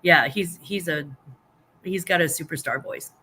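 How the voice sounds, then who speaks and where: An American woman who is a guest on a casual livestream, talking loudly and laughing often as she chats. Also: fairly low pitch, measured pace, breathy edge. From United States. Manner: loud, laughs often, animated.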